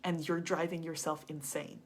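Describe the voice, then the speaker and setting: A woman's voice: low voice, little pitch movement, normal speed. A woman voicing a blunt female friend who gives direct, hard advice with probing questions, in close to her own voice. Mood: stern.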